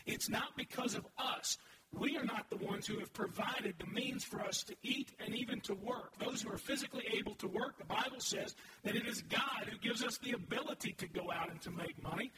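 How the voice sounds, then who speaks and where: High-voiced man preaching in echoey hall. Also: brisk, recorded from a distance, very noisy. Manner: earnest, emphatic preaching with audience prompts. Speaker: pastor. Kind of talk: sermon. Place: large church sanctuary.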